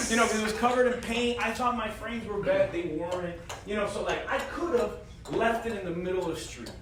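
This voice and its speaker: High-voiced man telling a rowdy story. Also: fairly quick, few pauses. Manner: animated, profane, laughing often. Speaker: podcast host. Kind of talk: casual storytelling. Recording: echoey room with loud crowd chatter.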